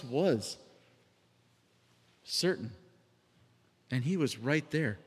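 A man's voice: mid-range voice, unhurried. A man preaching a sermon in a conversational way, sometimes acting out the voices of people he quotes. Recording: reverberant hall.

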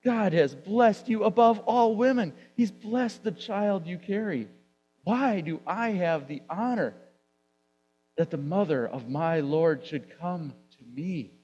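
A male preacher voicing an older pregnant woman in a sermon, speaking higher and with heavy emphasis. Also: slow pace, dark tone, slightly rough, in a large hall, muffled recording, exaggerated voice. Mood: overjoyed.

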